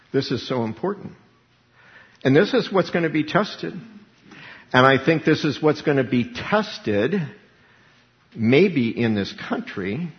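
A man's voice: mid-range voice, long reverb tail, highs cut off. A man preaching a sermon, emphatic, repeating key words and acting out little dialogues.

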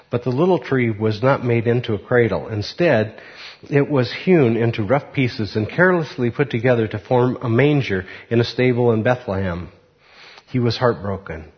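A man preaching and then reading a children's story aloud, unhurried and reflective, with fillers. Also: mid-range voice, big-room sound. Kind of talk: sermon with a read-aloud story. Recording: muffled recording.

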